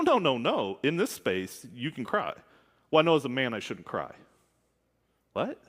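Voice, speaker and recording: A man's voice: on the high side, a bit bright. A man preaching a sermon as a minister, speaking candidly and conversationally with asides. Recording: long hall reverb.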